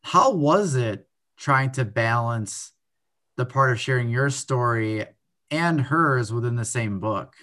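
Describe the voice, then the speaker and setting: A man's voice: medium pitch, expressive, slow pace, bright, forceful tone. A man interviewing a guest, rephrasing his questions as he goes.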